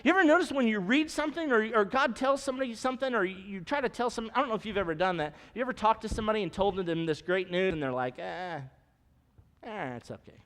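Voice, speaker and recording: A man's voice: sits high, animated, very fast, hardly any pauses, a bit bright. A man preaching a sermon from a church sanctuary, speaking conversationally and putting questions to the congregation. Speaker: pastor. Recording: long church reverb.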